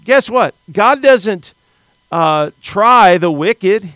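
A middle-aged American man preaching a sermon with an earnest, plain-spoken manner, often stumbling over and repeating the first words of a sentence. His voice sits a little high for a man and sounds smooth and clear. The recording is dry and close, with no room sound. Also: lively intonation, very slow, a bit bright, no room sound. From United States.

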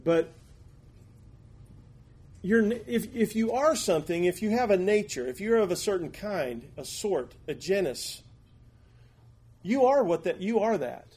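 A man teaching a Bible class in a conversational, folksy way, with halting restarts and asides. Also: high-pitched, animated, darkish tone, husky.

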